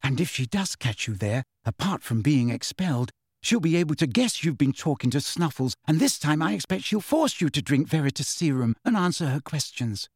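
A man's voice: high-pitched, lively intonation, unhurried, breathy edge, no echo, clean studio sound, voice pushed up, heavily acted. A man doing an anxious, earnest schoolgirl. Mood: warning. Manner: urgent whispered warnings, pleading apology.

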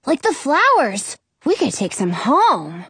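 Excitable young boy, explainer type, high and bouncy in a storybook; woman reader. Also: slow, breathy edge, dry recording, exaggerated voice. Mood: excited.

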